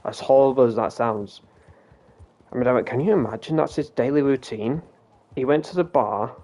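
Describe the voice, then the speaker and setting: A man's voice: medium pitch, moderate pace, mellow. A British man streaming a game, telling a rambling story in a casual way, with frequent restarts and some swearing.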